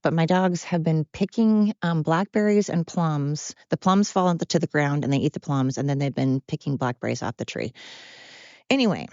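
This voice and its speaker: A woman's voice: low voice, moderate pace, a little mellow, dry recording, dull audio. A woman hosting a podcast, talking in a rambling, blunt, self-deprecating monologue while walking uphill. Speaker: podcast host. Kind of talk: candid monologue.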